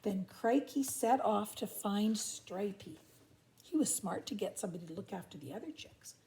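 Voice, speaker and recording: A woman's voice: medium pitch, lively intonation, moderate pace, warm tone. An older grandmother reading a picture book aloud and stopping for chatty asides. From Canada.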